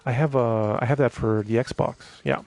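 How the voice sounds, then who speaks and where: A man's voice: mid-range voice, normal speed, a little mellow. A man chatting casually on a live stream, rambling with many fillers and restarts while reading viewer comments.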